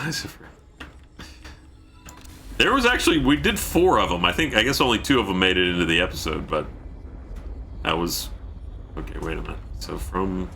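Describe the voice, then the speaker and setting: Lively deep-voiced man streaming a game. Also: creaky, a little hiss or hum. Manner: chatty, reads out viewer thanks, sudden yelps; keeping his voice down. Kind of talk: casual gameplay commentary.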